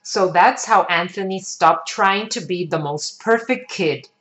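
A woman reading a children's picture book aloud in an expressive storytelling manner. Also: lowish voice, measured pace. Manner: expressive, sing-song storytelling.

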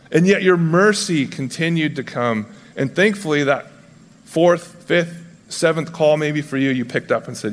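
Pastor guy giving a chatty sermon, slightly high voice, big echoey church hall, slips into character voices for the bible folks. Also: fairly bright tone. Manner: casual and conversational, acts out biblical figures in quick voices. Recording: long hall reverb.

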